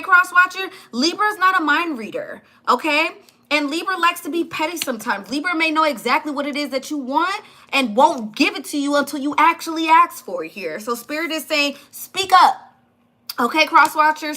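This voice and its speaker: A woman's voice: high voice, bright, forceful tone. A woman giving a live tarot reading, chatty and blunt, talking straight to her viewers. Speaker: tarot reader.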